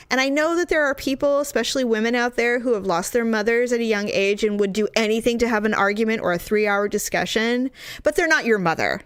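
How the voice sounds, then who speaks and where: A woman's voice: a little high, clean tone, dry recording. Woman podcast host, chatty and blunt, dry close sound. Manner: animated storytelling, frank and profane. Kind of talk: casual chat.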